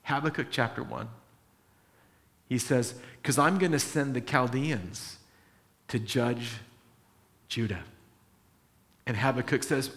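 A male pastor preaching a sermon, animated and acting out biblical dialogue, slowing down to stress key lines. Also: medium pitch. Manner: animated, acts out biblical dialogue, slows for emphasis.

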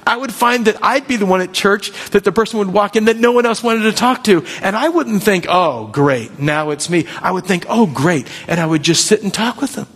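A man pastor giving a lively sermon to his church, acting out quoted voices. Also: high voice, fast talker, few pauses. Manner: animated, acts out quoted voices. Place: church hall. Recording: long hall reverb.

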